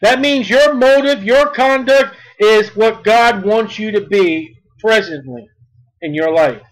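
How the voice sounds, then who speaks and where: A man with a very high voice delivers a sermon. He reads verses slowly and deliberately, then presses his points with emphasis. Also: low-quality recording. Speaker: preacher.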